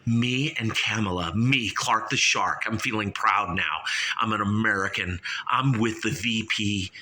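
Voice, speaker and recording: A man's voice: lowish voice, measured pace, pushed and bright. A man hosting a radio show, rambling through a jokey, self-mocking comic monologue.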